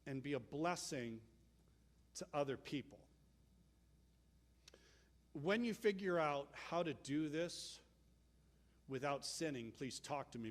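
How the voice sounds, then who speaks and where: A man delivers a sermon in a casual, conversational way, often acting out the people in his stories. His voice sits fairly high for a man. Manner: conversational, animated storytelling with acted-out quotes. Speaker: pastor.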